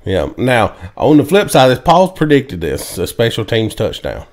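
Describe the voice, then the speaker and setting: A man's voice: mid-range voice, wildly swooping pitch, a little mellow. Laid-back man, casual football chat. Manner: laid-back, laughs often, drawn-out stories. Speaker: podcast co-host. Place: home, indoors.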